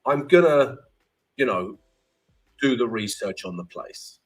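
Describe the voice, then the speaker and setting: A man's voice: medium pitch, expressive, measured pace, faint music behind. A man hosting a live trading stream, teaching in a chatty way, keeps checking in with "right?" and greeting viewers by name.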